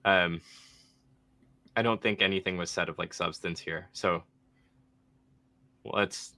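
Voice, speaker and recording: A man hosting a casual debate review, animated with quick asides. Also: deep voice, background noise. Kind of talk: casual chat.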